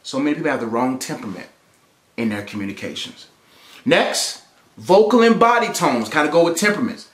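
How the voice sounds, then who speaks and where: A man with a high-pitched voice delivers a motivational teaching talk on relationships. He hammers his points home through repetition, in a preacherly way. His voice rings out in a roomy, echoing space. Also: expressive, a little fast, fairly bright tone. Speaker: relationship speaker. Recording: roomy echo.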